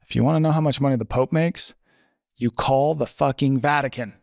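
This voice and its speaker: A man's voice: mid-range voice, brisk, creaky, no room sound, studio quality, lightly acted. A man voicing a blunt, exasperated male magazine editor who swears at a young intern.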